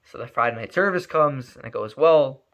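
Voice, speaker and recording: Give me a man telling a dramatic story with a bright, emphatic voice. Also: medium pitch, moderate pace. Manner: animated, emphatic, many repeated words. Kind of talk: spoken storytelling.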